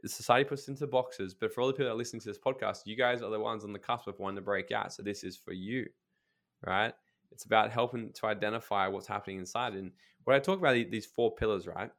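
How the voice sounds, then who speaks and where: A man on a podcast, speaking as a coach in casual chat, blunt and emphatic, swearing freely and telling stories with quick asides. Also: on the low side, a bit bright.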